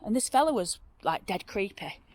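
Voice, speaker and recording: A woman's voice: mid-range voice, very animated, moderate pace, darkish tone. A woman with a Northern English accent, telling local ghost stories in a rambling, chatty way outdoors, with many fillers and restarts. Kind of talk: casual storytelling on location. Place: outdoors by a road.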